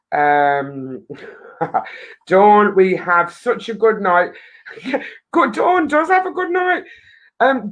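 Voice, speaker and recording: A woman's voice: lowish voice, low-quality recording. A woman hosting a charity live stream, chatting loosely to viewers, rambling and laughing often into her webcam.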